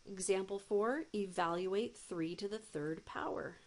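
A woman math teacher explaining a recorded demo lesson step by step, with deliberate pacing and playful asides. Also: mid-range voice, vocal fry, a little mellow.

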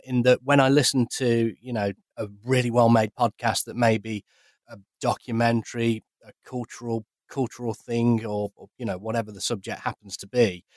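A man co-hosts a podcast, speaking his mind bluntly and with conviction. His voice sits at a middle pitch. The recording is dry and close. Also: flat delivery, normal speed, dry recording. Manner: blunt, opinionated. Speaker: podcast co-host. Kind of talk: casual chat.

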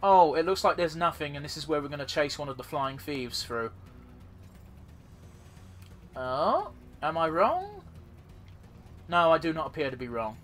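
A man's voice: fairly high pitch, pushed and bright. A man casually commentating his own gameplay as a let's play host, rambling and swearing freely.

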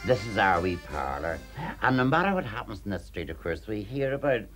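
A man's voice: on the low side, big pitch swings, a little fast, a bit bright, soft background music. A comedian from Northern Ireland telling a gossipy comic monologue with a Belfast accent. He rambles chattily, sprinkling "like" through his sentences.

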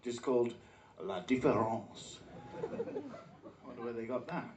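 A man's voice: mid-range voice, huge pitch swings, measured pace, very noisy. A man doing live stage comedy patter between songs, with a dry, wry delivery. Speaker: comic musician. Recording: roomy live stage sound from far off.

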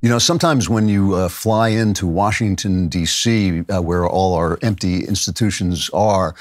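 A man with a low voice hosts his own podcast and talks through a long lecture-style monologue. He reads out quoted verse and lets his delivery build in intensity. The recording is dry and close, with no room sound. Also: normal speed, dry recording. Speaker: podcast host. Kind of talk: monologue on literature.

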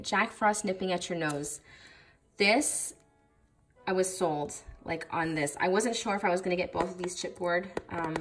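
Young adult woman, enthusiastic haul-video host, casual and gushing, soft music bed. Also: medium pitch. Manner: gushing, enthusiastic, many fillers. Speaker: craft vlogger.

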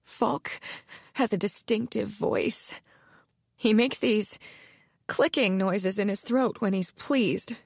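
Woman doing hoarse scared woman on the edge of tears, high and frantic, storybook. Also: slow pace, no room sound, studio quality, exaggerated voice. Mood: fearful. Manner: frantic, pleading, rising into panic. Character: terrified, hoarse adult woman haunted by past trauma. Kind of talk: audiobook character voice.

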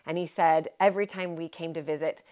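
An American woman talking to viewers on a casual live stream from a historic country house, chatty and warm with fillers and self-corrections. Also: low-pitched, fairly even intonation, a little fast. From United States. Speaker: live-streaming heritage vlogger. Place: historic manor house in rural southwest England.

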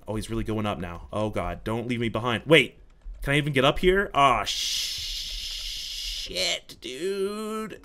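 An excitable young man narrates his own gameplay in a bright, lively voice that leaps between muttering and shouting. He swears freely and talks to himself as he plays. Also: on the low side. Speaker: gaming YouTuber. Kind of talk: live gameplay commentary.

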